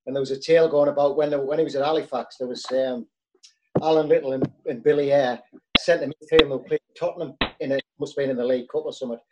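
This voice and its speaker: A man's voice: medium pitch, steady tone, fast talker, noisy background. A man chatting in an easygoing way about old teammates. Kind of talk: casual chat.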